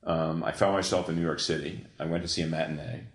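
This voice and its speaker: A man in an interview, telling a long story in an animated, profane way, full of restarts. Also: very deep voice, quick pace. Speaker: guest, comics creator. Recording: echoey room.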